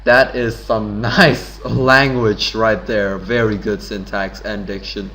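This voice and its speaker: A man's voice: on the low side, flat delivery, slow pace, hardly any pauses, bright, forceful tone, slight background noise. Rambling playful male game commentator. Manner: rambling and playful, reads game dialogue aloud. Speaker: let's play host. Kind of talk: casual gameplay commentary.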